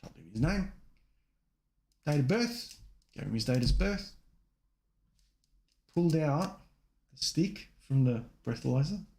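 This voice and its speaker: An Australian man co-hosts a casual podcast, telling meandering anecdotes and acting out the voices he quotes. His voice is on the high side, creaky and a little mellow, with lively intonation, an unhurried pace and frequent pauses.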